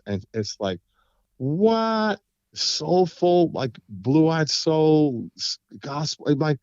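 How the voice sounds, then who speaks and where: Animated male storyteller, lively pitch. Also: no echo, lo-fi sound. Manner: animated storyteller, acts out quotes with big pitch jumps. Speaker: guest vocalist. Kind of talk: casual interview chat.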